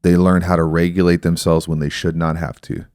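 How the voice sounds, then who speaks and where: Low-voiced man explaining on a podcast. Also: level tone, brisk, a little mellow, clear, resonant tone, no room sound, clean studio sound. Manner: reflective, explanatory, storytelling. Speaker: podcast host. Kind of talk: casual podcast conversation.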